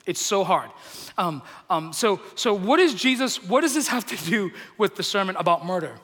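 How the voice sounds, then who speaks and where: Brief: emotional male preacher, bright and forceful, loose and chatty, in a church hall. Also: high voice, lively intonation, normal speed. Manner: chatty, self-deprecating, laughs often; emotional, gets loud. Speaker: pastor. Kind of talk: sermon. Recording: long hall reverb.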